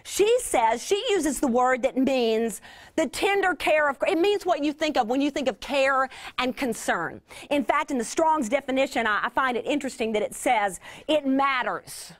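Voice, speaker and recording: A woman delivering a Bible teaching to a mostly female audience, earnest with drawn-out emphasis and playful asides. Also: high-pitched, animated. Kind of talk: sermon.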